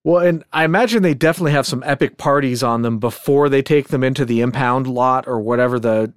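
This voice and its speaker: A man's voice: medium pitch, fast, clear, resonant tone, dry recording, studio quality. A man co-hosting a casual podcast, laid-back and easygoing. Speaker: podcast co-host.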